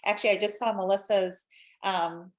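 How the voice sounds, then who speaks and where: A woman's voice: mid-range voice, fairly even intonation, moderate pace. A woman in her thirties hosting a live stream, chatting casually and animatedly with lots of fillers.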